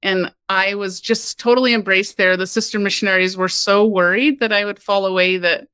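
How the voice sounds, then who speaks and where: A woman from Kansas, a podcast guest, telling her personal story in a lively, candid way with laughs and frequent "like". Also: medium pitch, moderate pace, smooth, dry recording. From Kansas, United States.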